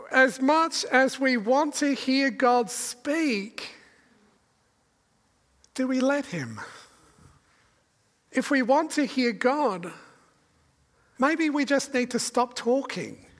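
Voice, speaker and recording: A woman preaching a sermon in a slow, deliberate way, asking the listeners many rhetorical questions. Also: sits high. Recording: long reverb of a large hall.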